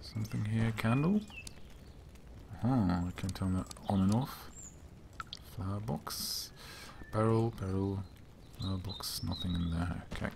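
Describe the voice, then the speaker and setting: Slightly hoarse male gaming host, lowish voice, offhand, faint hiss behind. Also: unhurried. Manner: wry and offhand. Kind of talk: casual let's-play commentary.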